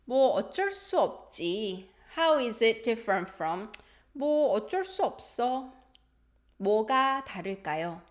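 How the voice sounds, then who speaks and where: A woman's voice: on the high side, lively intonation. Woman teaching a language lesson. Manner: explains slowly, switches between English and Korean, chuckles often. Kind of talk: live-stream language lesson.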